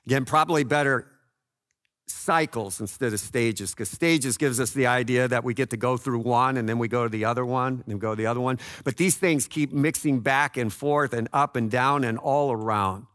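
A man preaching a sermon in a slow, earnest way, swinging between loud passages and hushed ones. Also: mid-range voice. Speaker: pastor.

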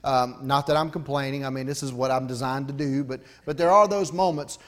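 A man's voice: mid-range voice, fairly quick, a bit bright. A middle-aged pastor, preaching a folksy, conversational sermon with asides to his congregation.

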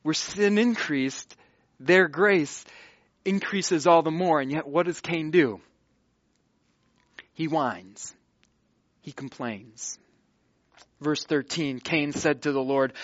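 A man preaching a sermon, moving between hushed pleading and loud, emphatic delivery. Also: on the high side, slow, pauses often, dry recording, highs cut off. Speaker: pastor.

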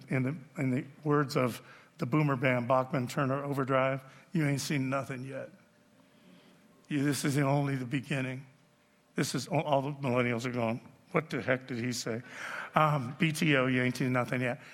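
A man in his sixties preaching a sermon as pastor, animated and joking with the congregation. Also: mid-range voice, fairly quick. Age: 60s. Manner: animated storytelling, jokes with the audience. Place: church auditorium. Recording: long reverb of a large hall.

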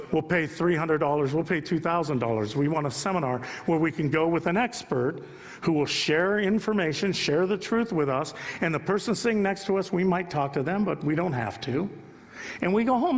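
Speaking a little fast with lively intonation, this pastor has a fairly high-pitched voice that rings out with a long reverb tail. He delivers an emphatic sermon in the church sanctuary, chatting with the congregation on the side.

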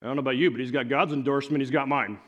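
A man preaching a sermon in an animated, conversational storytelling way, swinging between loud emphasis and hushed moments. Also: medium pitch, racing. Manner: conversational, with fillers like "like" and "okay".

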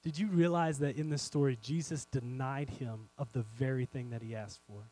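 A man preaching a sermon, animated and speaking straight to his congregation, swinging between loud and hushed. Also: mid-range voice, normal speed, low-quality recording. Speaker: pastor.

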